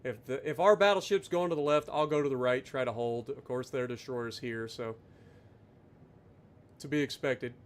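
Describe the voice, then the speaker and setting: A man streaming live gameplay, ranting loudly and sarcastically at his teammates between calm play-by-play commentary. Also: medium pitch, normal speed. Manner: loud, exasperated ranting with sarcastic asides.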